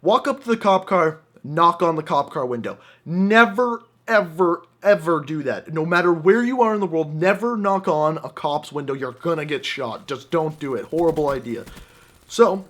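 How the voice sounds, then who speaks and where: A young man hosting a gaming channel, telling an animated, jokey personal story over gameplay commentary. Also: on the high side, normal speed.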